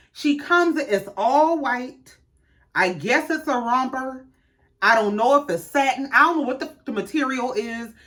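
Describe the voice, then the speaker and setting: Sassy woman host, lively swooping pitch, fairly high voice, profane casual recap. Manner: sassy, profane, animated storytelling with quoted voices.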